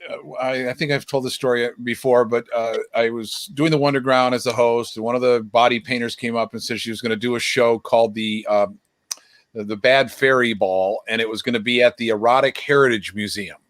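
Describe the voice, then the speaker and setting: A man's voice: medium pitch, brisk, dry recording. A man who is a guest magician telling a long anecdote on a video call, acting out the dialogue as he goes. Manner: acts out quoted dialogue in lively retelling. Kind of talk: anecdotal storytelling.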